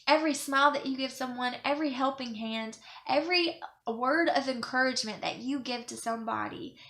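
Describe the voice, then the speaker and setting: A woman's voice: high voice, fairly quick, pushed and bright. A young woman vlogging in a casual, rambling way, earnest and close to tears as she talks about kindness. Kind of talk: casual monologue to camera.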